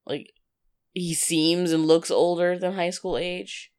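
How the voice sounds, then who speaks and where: A woman co-hosting a casual film discussion, chiming in with short, relaxed remarks. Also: on the low side, takes it slowly, clear, resonant tone. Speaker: podcast co-host.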